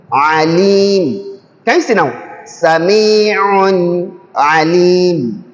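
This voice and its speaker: Man, slightly high voice, patient Tajweed teacher, slow repeated examples, dull lo-fi sound, long hall echo. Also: darkish tone. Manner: explains patiently, repeats example words slowly and deliberately; asks the listener "can you see?" again and again. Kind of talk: classroom-style recitation lesson.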